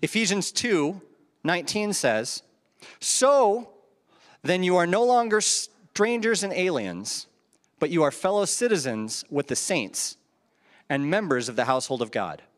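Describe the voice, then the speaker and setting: Male pastor, high and expressive voice, chatty sermon delivery with rhetorical questions, long reverb from the hall. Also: unhurried. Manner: conversational preaching, rhetorical questions, chuckles at own asides. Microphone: handheld microphone.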